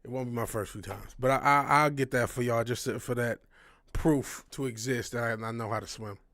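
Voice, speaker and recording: A man in his thirties hosts a casual livestream, his voice sitting at an ordinary middle pitch. He rambles and talks frankly, swearing often and doubling back on his sentences. The sound is dry and close, with no room around it. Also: fairly quick, fairly bright tone, no room sound. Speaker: livestream host.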